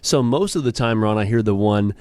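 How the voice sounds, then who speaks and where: Low-voiced guy talking money fast, lots of uh's and restarts, dry sound. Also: clear, resonant tone, no room sound. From Southern California. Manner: relaxed, with frequent fillers and restarts. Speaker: financial advisor. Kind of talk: casual radio chat.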